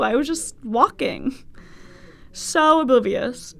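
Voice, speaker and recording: A woman's voice: mid-range voice, normal speed, vocal fry. A young woman hosting a podcast, telling a personal story in casual, candid chat with frequent swearing and laughter. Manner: candid, swearing, laughing, animated quoted voices. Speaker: podcast host.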